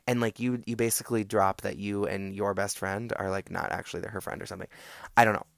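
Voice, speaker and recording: Gravelly-voiced man rambling sarcastically. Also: on the low side, quick pace, no room sound, studio quality. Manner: rambling, sarcastic, animated with many fillers and restarts. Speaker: podcast host. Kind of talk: casual solo monologue giving advice.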